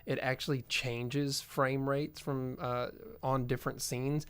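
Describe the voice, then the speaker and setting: A man's voice: medium pitch, little pitch movement, unhurried, smooth. A man co-hosting a movie podcast, reading box office figures in a matter-of-fact, casual way. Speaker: podcast co-host.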